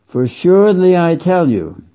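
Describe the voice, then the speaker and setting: A man preaching a sermon slowly and with emphasis, repeating phrases for weight. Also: sits high, sing-song. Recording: dull lo-fi sound.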